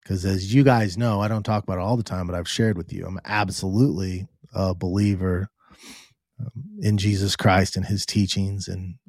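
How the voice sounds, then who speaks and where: A middle-aged man hosting a podcast, telling a personal story in an earnest, halting way with frequent restarts. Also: low voice, darkish tone, no room sound, studio quality. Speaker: podcast host.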